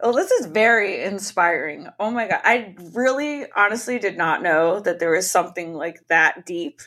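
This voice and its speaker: Lively, frank woman interview host. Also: on the low side, moderate pace. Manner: frank and casual, swears lightly, animated. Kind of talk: conversational interview.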